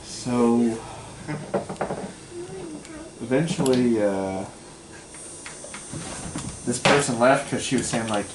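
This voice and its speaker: A man's voice: lowish voice, a little slow, long pauses. A young man casually telling a long story, full of fillers and acted-out quotes. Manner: rambling, full of fillers, acts out quoted voices. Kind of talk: casual anecdote. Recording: echoey room with loud background noise.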